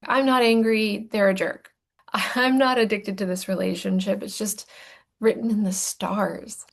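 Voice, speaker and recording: Gravelly and medium-pitched, this woman speaks at a measured pace with a steady tone while coaching a recorded lesson on emotions. Her manner is playful and self-deprecating, and she occasionally sinks into a soft whisper to stress a point.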